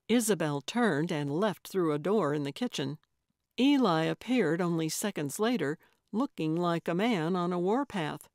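A woman narrating a cozy mystery audiobook in a measured, even manner. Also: fairly low pitch, dry recording, clean studio sound. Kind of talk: scripted narration.

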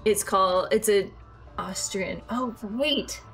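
A woman hosting a relaxed chat at an ordinary pitch. She jokes at her own expense and trips over her words. Faint music plays underneath. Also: slow pace. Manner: jokey, self-deprecating, trips over words. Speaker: host and gamer. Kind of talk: casual chat.

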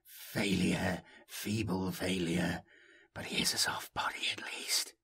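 A sinister, mocking robot voice that purrs and drops into husky half-whispers, as a man puts it on for an audiobook. Low and quiet, with a creeping, unhinged menace. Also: level tone, takes it slowly, no echo, studio quality, heavily acted. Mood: menacing. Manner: purring, hushed, half-whispered.

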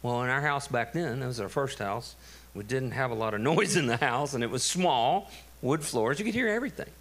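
A middle-aged man, a pastor telling a story in a sermon, animated and laughing. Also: medium pitch, fairly quick. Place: church.

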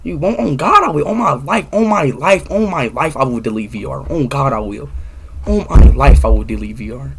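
A young man livestreaming, ranting loudly with heavy swearing and repeating himself over and over. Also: medium pitch, lively intonation, normal speed, creaky, slightly rough. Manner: loud, profane, repetitive ranting. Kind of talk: angry livestream rant.

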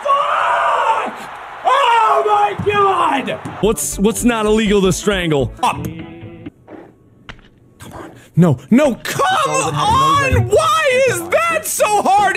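A man's voice: very high voice, wildly swooping pitch, very slow, shouting, over loud music, over a noisy crowd. Screaming, swearing man raging at a game. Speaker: video game player. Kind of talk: let's play commentary.

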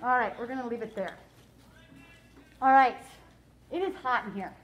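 A woman teacher reading a novel aloud to her class in a classroom, in a steady, clear storytelling way. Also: on the high side, moderate pace, muffled recording, soft background music.

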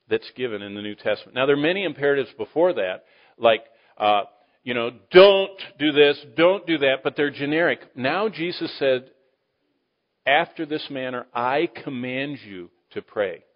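A man teaching the Bible to a live audience in sermon style, animated, asking the room questions and swinging between loud emphasis and quiet asides. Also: medium pitch. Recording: dull lo-fi recording.

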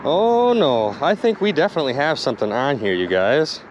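Young male vlogger, excitable outdoor commentary, noisy outdoor recording, high lively voice. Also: moderate pace, dull audio. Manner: excitable, exclaiming, addresses viewers as you guys. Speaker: magnet fishing vlogger. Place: outdoors by the water.

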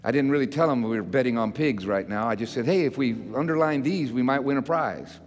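An older man, a pastor, preaching a sermon in a folksy, self-mocking way that builds into loud, emphatic repetition. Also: medium pitch, brisk. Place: church sanctuary. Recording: church hall reverb with faint music.

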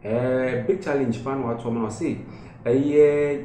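A man's voice: medium pitch, normal speed, a little mellow, roomy sound, a little hiss or hum. A Ghanaian man hosting a gossip news channel, speaking emphatically and repeating phrases.

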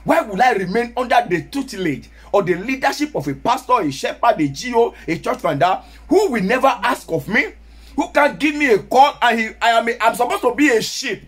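High-voiced Nigerian pastor preaching. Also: male voice, lively intonation, brisk, breathy edge. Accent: Nigerian, Yoruba. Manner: preaching, mixing in Yoruba, rising to shouts. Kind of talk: sermon.

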